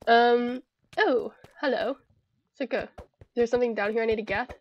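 A woman's voice: a little high, steady tone, normal speed, dull audio. A young Irish woman giving chatty, giggly commentary to herself while playing a video game. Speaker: gamer. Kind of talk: casual gameplay commentary.

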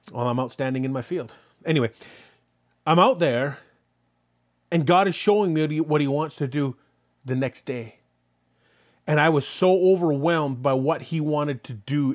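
A man preaching a sermon as pastor, telling a story and then driving points home with repeated rhetorical questions. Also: mid-range voice. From Canada. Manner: animated preaching, rhetorical questions, rising loud on key points.

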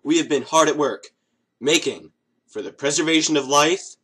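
A man's voice: on the high side, moderate pace, slightly rough. Sarcastic young male comedy vlogger. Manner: sarcastic, self-mocking deadpan. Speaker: comedy video host. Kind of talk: scripted comedic monologue.

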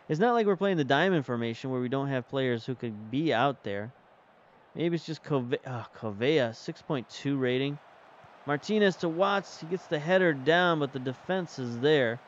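A game streamer, male, chats casually while playing a football management game, thinking aloud about tactics and substitutions as he runs the match. His medium-pitched voice is expressive and moves at a moderate pace. The recording is lo-fi with a little hiss or hum.

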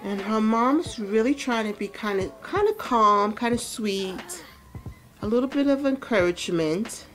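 A woman's voice: on the high side, measured pace. A woman hosting a let's play, chatting casually and animatedly as she comments on her game. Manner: chatty, animated, laughs often. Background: faint music.

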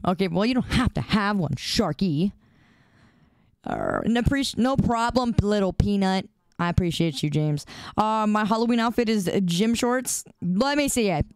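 A woman's voice: mid-range voice, sing-song, moderate pace, darkish tone, clean tone, no echo, studio quality. A woman streamer chatting casually and playfully with her live chat, greeting viewers by name in a sing-song way.

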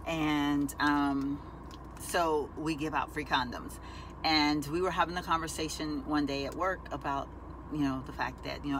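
A woman's voice: sits low, background noise. Chatty woman vlogging from her car. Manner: chatty, addresses viewers as y'all. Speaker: lifestyle vlogger. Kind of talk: casual vlog chat. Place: inside a car.

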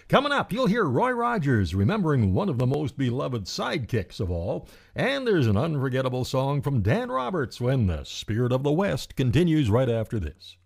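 A man's voice: medium pitch, creaky. A man hosting a western radio program in a folksy, chatty way. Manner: lively, folksy. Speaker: radio host.

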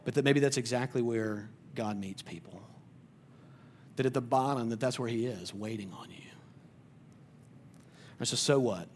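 A male pastor preaching a sermon in a conversational way. He often repeats words as he starts sentences, and he drops to a quiet, soft voice on tender points. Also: medium pitch, moderate pace, long pauses, a little hiss or hum.

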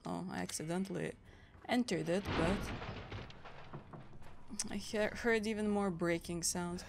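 A woman's voice: fairly low pitch, unhurried, creaky, long pauses, slight background noise. A woman from Europe hosting a gaming channel, reacting aloud and chatting through a let's play. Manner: chatty, reacting aloud, frequent small laughs.

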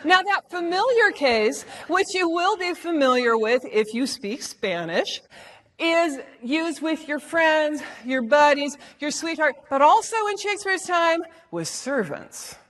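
High-pitched American woman, playful stage presenter who performs the quotes. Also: very animated, measured pace, fairly bright tone, a little hiss or hum. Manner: playful, theatrical, acts out lines. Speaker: speaker at a live talk event. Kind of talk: lively presentation talk. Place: auditorium stage.

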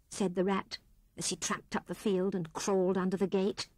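A woman reading a children's story aloud in an expressive storytelling manner. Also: mid-range voice, moderate pace, dry recording. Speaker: audiobook reader. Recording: 1970s cassette audiobook, dry studio.

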